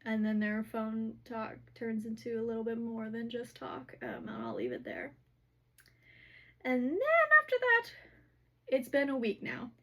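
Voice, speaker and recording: This vlogger's voice is fairly high, bright, and very animated, though a little slow, as she casually recaps a fantasy novel. She rambles on, filling gaps with "like" and "whatever."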